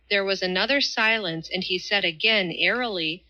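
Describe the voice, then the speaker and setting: Audiobook narrator: woman, measured delivery, bright tone, muffled lo-fi sound. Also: mid-range voice. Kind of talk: scripted narration.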